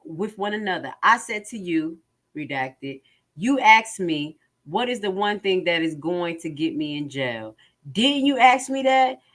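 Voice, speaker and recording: A woman's voice: medium pitch, fairly bright tone. A woman reading court transcripts aloud and commenting on them emphatically, often asking her viewers questions. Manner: emphatic, repeats phrases, asks viewers questions.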